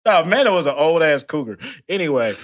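A man's voice: fairly high pitch, sing-song, fast, a bit bright. A man co-hosting a podcast, talking casually and earnestly, often hesitating and starting over. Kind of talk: casual chat.

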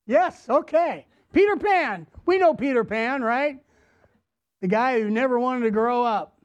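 Slow, deliberate male pastor preaching. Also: very high voice. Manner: slow, deliberate preaching with repeated phrases and questions to the congregation. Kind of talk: sermon. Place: church, before a congregation.

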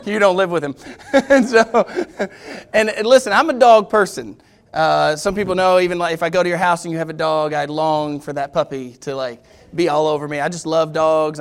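A man preaching a sermon, telling a funny story and then reading scripture slowly and with emphasis. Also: fairly high pitch. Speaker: pastor.

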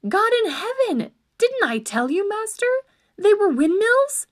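A woman voicing a simple, worried peasant squire in a storybook reading, pleading and urgent, rising to shouts. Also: fairly high pitch, big pitch swings, unhurried, pitched above the performer's own voice, full character voice. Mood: exasperated. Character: simple anxious peasant squire, earthy and practical.

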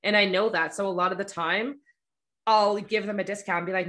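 A woman's voice: medium pitch, fairly even intonation, fairly quick, fairly bright tone. A woman photographer chatting casually on a podcast about her business. She is blunt and playful, and she acts out conversations with her friends. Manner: blunt, self-described smart aleck, acts out quoted friends with laughter.

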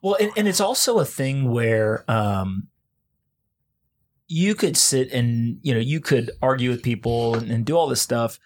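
A man's voice: medium pitch, expressive. Emphatic man hosting a podcast chat. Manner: emphatic, keeps checking in with "right?"; fast bursts of talk with restarts. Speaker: podcast host. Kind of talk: casual conversation.

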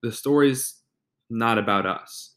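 A man's voice: medium pitch, slow, a bit bright. A young man co-hosting a faith podcast, talking casually with many restarts and fillers. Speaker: podcast co-host.

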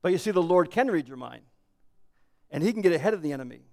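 A man's voice: on the high side, lively intonation, fast, creaky, darkish tone. A man preaching a sermon as pastor, earnest and building to emphatic declarations. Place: church sanctuary. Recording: echoey church hall.

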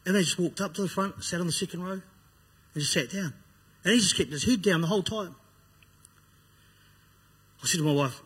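A man's voice: fairly high pitch, fast talker, pauses often, fairly bright tone, breathy edge. A man telling his personal testimony, blunt and raw, acting out what he once said. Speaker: speaker giving a personal testimony. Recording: long hall reverb.

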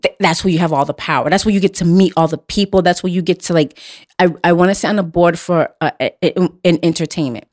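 A woman's voice: lowish voice, fast talker, darkish tone. Blunt, emphatic woman host. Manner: blunt, emphatic, profane, repeats herself. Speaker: podcast host. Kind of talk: casual chat.

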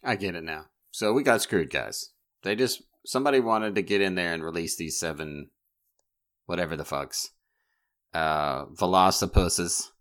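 A man's voice: low voice, normal speed, fairly bright tone. A man chatting casually as a player in a tabletop game, laid-back and swearing freely. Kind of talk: casual chat.

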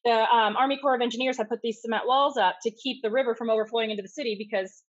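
High-pitched woman, mixed Southern and Michigan accent, fast lively storyteller, muffled call audio. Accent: mix of Southern US and Michigan. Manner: fast-talking, lively, acts out voices in anecdotes. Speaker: guest, community activist. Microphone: video call.

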